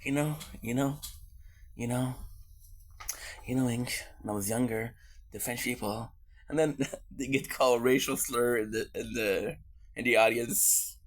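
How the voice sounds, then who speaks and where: A man talks casually on camera in an average-pitched voice, rambling and cracking jokes. He smacks his lips and hums between bites while he eats. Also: fairly even intonation, a little slow, long pauses. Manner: rambling, joking, lip-smacking while eating. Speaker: vlogger. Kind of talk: casual food vlog chat.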